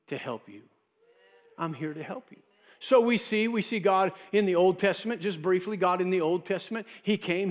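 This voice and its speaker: A male pastor preaching a sermon, emphatic and repeating words for stress. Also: high-pitched.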